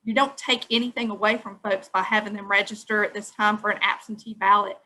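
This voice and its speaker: A woman's voice: medium pitch, flat delivery, a little fast, bright, forceful tone, slight background noise, rough recording. A woman on a webinar earnestly explaining her view at length. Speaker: webinar participant. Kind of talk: giving an opinion in a video call.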